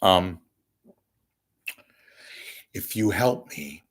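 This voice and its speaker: A hoarse, congested man with a crackling voice, hosting his own show in a rambling comic monologue, joking at his own expense and swinging from loud to hushed. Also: low voice, expressive, very slow. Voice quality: gravelly, crackling. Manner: wisecracking, self-deprecating, swings from loud to hushed. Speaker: podcast host asking for donations.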